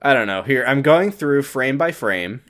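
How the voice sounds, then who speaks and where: Brief: male co-host, mid-pitched everyday voice, dry teasing recap chat. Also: expressive, normal speed, fairly bright tone. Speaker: podcast co-host. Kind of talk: casual comedic TV episode recap.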